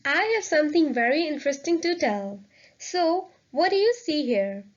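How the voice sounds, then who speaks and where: A woman explains French pronunciation in a clear, upbeat teaching manner. Her voice sits high. The recording is slightly dull and lo-fi. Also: lively intonation, normal speed. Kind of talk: lesson narration.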